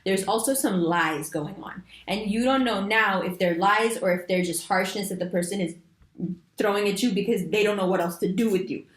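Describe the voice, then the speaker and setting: A woman giving a monthly astrology reading, talking straight to her viewers in an animated, emphatic way with casual slang. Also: mid-range voice, normal speed, roomy sound. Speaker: astrology reader. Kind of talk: monthly horoscope reading to camera.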